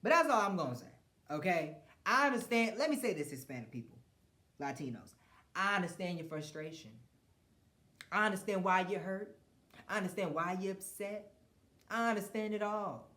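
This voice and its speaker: A man's voice: high-pitched, sing-song, normal speed, pauses often, sharp tone. A man hosting a podcast, giving a blunt, profane political rant with frequent mocking laughs and stumbling restarts. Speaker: podcast host. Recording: roomy echo.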